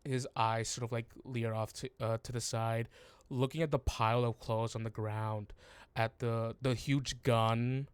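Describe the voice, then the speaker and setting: A man's voice: mid-range voice, fairly even intonation, a little slow, smooth, dry recording. A man narrating a tabletop game as game master, hesitant and full of fillers.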